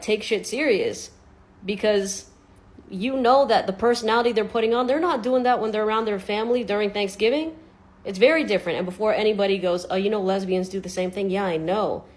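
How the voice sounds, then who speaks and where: A woman ranting in a social media video, exasperated and profane. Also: mid-range voice.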